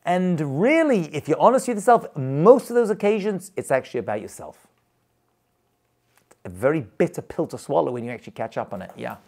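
Animated middle-aged rabbi teaching a class. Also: male voice, fairly high pitch, a little fast, creaky. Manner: animated, chatty, tells anecdotes with acted quotes. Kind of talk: lively storytelling lecture.

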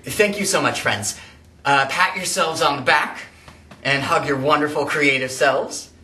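A teaching artist gently leading a children's drama workshop and speaking straight to the viewers at home. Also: medium pitch, measured pace. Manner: gentle, encouraging, addresses viewers directly. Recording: echoey room, mic at a distance.

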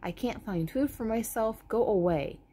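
A woman's voice: fairly high pitch, animated, moderate pace, warm tone, slight background noise, voice pushed up, natural voice. A woman doing a stern, protective mother turkey. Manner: stern, bossy.

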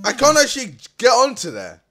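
A young man giving let's-play commentary, exasperated, swearing and yelling at the game. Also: very high-pitched, huge pitch swings, fairly quick. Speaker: gaming commentator.

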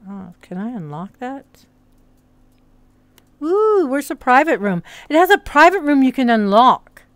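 Woman streamer, mixed hard-to-place accent, fairly high voice, smooth and clear, rambling casual chatter. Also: very animated, unhurried, dry recording. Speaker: streamer and hypnotist. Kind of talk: casual livestream chat. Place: virtual reality social world.

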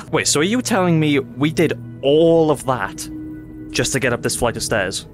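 A man's voice: medium pitch, animated, soft background music. A young man, commentating a game casually, swearing often and laughing easily. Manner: chatty, swearing, quick to laugh. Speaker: gaming YouTuber. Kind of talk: casual let's-play commentary.

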